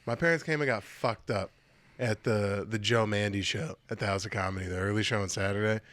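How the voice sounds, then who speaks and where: A man's voice: lowish voice, a little fast, no echo. A man co-hosting a casual podcast, swearing and telling stories about his family at a comedy show. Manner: swearing, storytelling, animated quoted voices. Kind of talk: casual chat.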